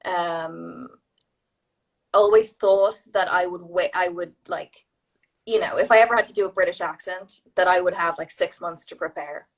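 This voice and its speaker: Woman, Irish accent, interview guest, animated storyteller, mimics others. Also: lowish voice, moderate pace. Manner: animated storytelling, acts out quoted people. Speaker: actor, guest. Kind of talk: casual interview chat.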